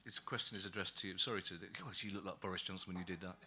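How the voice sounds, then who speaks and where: A man's voice: low voice, steady tone, rapid-fire, pushed and bright. A man hosting a comedy panel, dry and wry, breaking into his own sentences with asides. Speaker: host.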